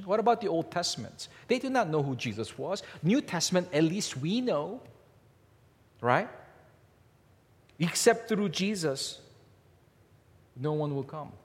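A man preaching a sermon, emphatic and repetitive, his pitch rising and falling as he drives points home. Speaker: pastor. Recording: long hall reverb.

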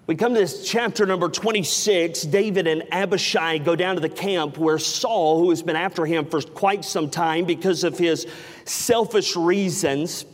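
A man's voice: fairly high pitch, normal speed. A middle-aged man preaching a sermon, telling a self-mocking family story with acted-out dialogue before turning to scripture. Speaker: pastor. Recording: reverberant hall.

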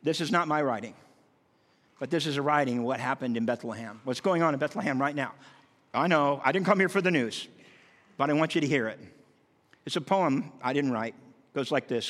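A man preaching a sermon, lively and emphatic, acting out scripture passages with rising intensity. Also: brisk, long pauses. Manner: animated, acts out scripture with rising emphatic pitch. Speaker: pastor. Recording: long hall reverb.

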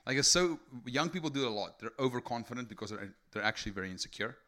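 A man's voice: medium pitch, lively intonation, fast. A man preaching a sermon. He talks casually at first, then builds to fervent, raised delivery. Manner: conversational, builds to fervent shouting.

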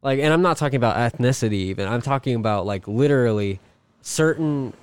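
A young man co-hosting a podcast, calmly explaining his views in casual chat. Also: mid-range voice, fast, clear, resonant tone, no echo. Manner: thoughtful, explains ideas at length. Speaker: podcast co-host.

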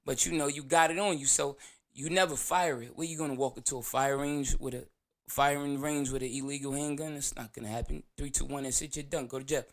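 A man hosting his own show, talking through a casual, profane monologue full of slang and animated storytelling. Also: medium pitch, a little fast. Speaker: show host.

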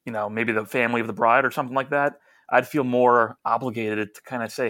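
A man hosts a casual podcast chat in a calm, matter-of-fact way. His voice sits mid-pitch and is recorded dry and close, with no room sound. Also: fast, dry recording.

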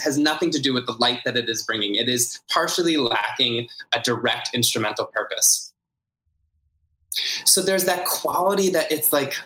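Interviewed as a guest, this ritual designer speaks with a bright, forceful, mid-range voice, laying out his ideas earnestly and repeating words to stress them. A roomy echo surrounds his voice.

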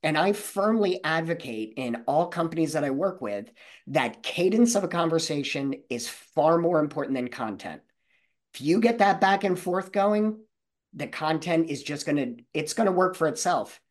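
A man's voice: on the high side, animated, moderate pace. A man who trains salespeople, answering interview questions in a confident, coaching manner.

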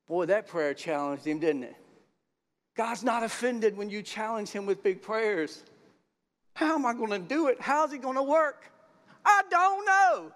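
A middle-aged man preaching a sermon in a folksy style, swinging from quiet asides to loud shouts. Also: high voice.

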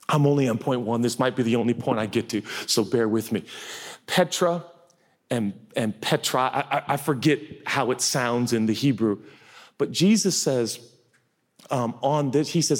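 A man preaching a sermon as a pastor, animated, acting out quotes with big leaps in pitch and loudness. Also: moderate pace. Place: church hall. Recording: long reverb of a large hall.

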